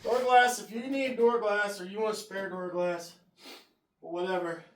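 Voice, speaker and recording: A man's voice: high voice, fairly even intonation. A man unloading a trailer of car parts outdoors in the cold, out of breath and talking while he works. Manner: talks while lifting and hauling, breathy pauses. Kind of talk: casual narration while working. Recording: echoey, distant camera audio with clear noise.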